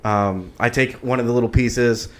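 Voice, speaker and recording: A man's voice: medium pitch, steady tone, moderate pace. A man hosting a podcast, telling a story with laid-back, profane banter. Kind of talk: casual chat.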